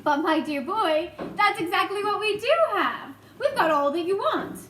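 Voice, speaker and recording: Storybook old grasshopper, emphatic and eager, read by a woman; high voice, echoey room. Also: expressive, normal speed, a bit bright, slight background noise. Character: old male grasshopper, wise and excitable.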